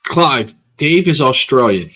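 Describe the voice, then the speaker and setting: A man's voice: mid-range voice, expressive, takes it slowly, a bit bright, slightly rough. A man in a casual chat, teasing and talking freely.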